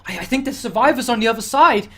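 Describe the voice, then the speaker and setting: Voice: lively intonation, fast, natural voice. A game master voicing a panicky male survivor. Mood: panicked. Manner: shrill, panicky, shouting. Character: terrified male survivor barricaded behind a door.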